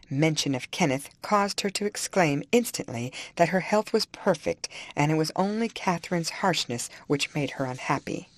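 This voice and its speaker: A woman reading a classic novel aloud as an audiobook narrator, in a measured storytelling manner. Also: sits low, no echo. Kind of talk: scripted narration.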